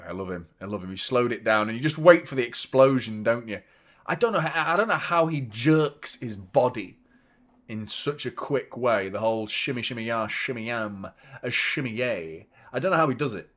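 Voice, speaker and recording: A young man, giving a live watchalong commentary on a football match, chatty and swearing, shouting in outrage at fouls. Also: mid-range voice, animated, moderate pace.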